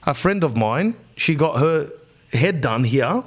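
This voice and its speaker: Australian male podcast host, comic storyteller, slangy and rambling, lively swinging pitch. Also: unhurried. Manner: animated, slips into characters' voices. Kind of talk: comedic storytelling monologue.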